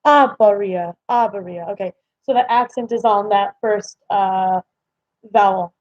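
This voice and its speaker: A woman's voice: mid-range voice, fairly even intonation, measured pace, darkish tone, dry recording. A young woman chatting casually with her viewers on a live stream from home, rambling with lots of fillers. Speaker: livestream host. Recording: slightly dull lo-fi stream audio.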